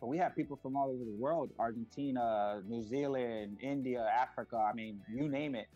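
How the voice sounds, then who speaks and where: A man's voice: mid-range voice, fairly quick, muffled recording, soft background music. A middle-aged man, a parent behind a kids' video channel, telling stories in a casual interview with lots of fillers and acted-out voices. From United States. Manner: animated storyteller, acts out voices, many fillers.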